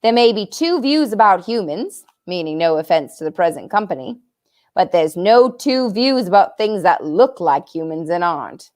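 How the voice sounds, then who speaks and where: An earnest, kindly talking beaver from a storybook, read aloud by a woman. He speaks in a folksy drawl, his lively voice swooping high and low as he explains and warns. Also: normal speed. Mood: warning.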